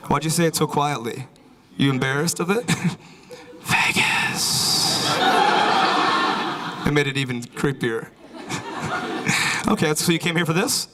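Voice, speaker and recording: A male comedian working a live room, his voice sitting a bit high for a man. He rambles loosely and leans on filler phrases. A live audience is clearly heard laughing along. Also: fairly quick, low-quality recording. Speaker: stand-up comedian. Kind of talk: stand-up comedy set. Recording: live crowd audible.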